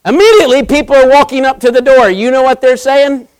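A middle-aged male preacher telling a folksy story in a sermon, animated and repetitive. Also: very high voice, fast talker, few pauses, clear, resonant tone, dry recording, low-quality recording.

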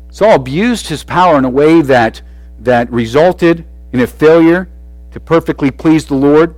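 Preacher guy giving a sermon, kinda high voice, goes loud then soft, lots of restarts, dry close sound. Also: measured pace, no echo, poor audio. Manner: animated, swings between loud and soft, frequent restarts.

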